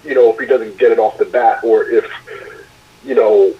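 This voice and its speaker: A man's voice: medium pitch, fairly even intonation, normal speed, slightly rough. A young man, a father of a five-year-old, chatting casually and rambling with many fillers. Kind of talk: casual group chat. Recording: distant, dull, lo-fi mic.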